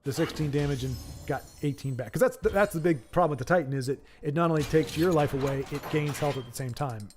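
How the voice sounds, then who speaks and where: A man's voice: a little high, fast, hardly any pauses, darkish tone, slight background noise. A man casually commentating a card game on a live stream, reading chat aloud, rambling and correcting himself with jokes. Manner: rambling, self-correcting, jokey.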